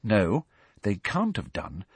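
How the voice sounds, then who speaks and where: A man voicing a clever, firm teenage schoolgirl in an audiobook reading, talking in a crisp, measured and grim way. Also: medium pitch, huge pitch swings, no echo, voice pushed up, heavily acted. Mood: cool, firm.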